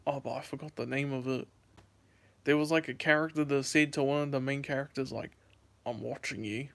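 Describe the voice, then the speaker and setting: A late-teen American YouTuber livestreams on a handheld phone, chatting casually, rambling and repeating himself as he answers chat. His medium-pitched voice is level, fairly quick, a bit bright and smooth, with vocal fry.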